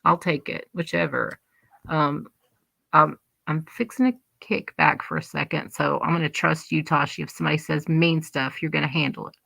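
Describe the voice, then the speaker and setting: A woman's voice: low voice, moderate pace, vocal fry, fairly bright tone, breathy edge, no echo. A woman hosting a livestream, chatting casually and rambling as she reads and answers live comments. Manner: rambling, chatty, many restarts. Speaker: livestream host.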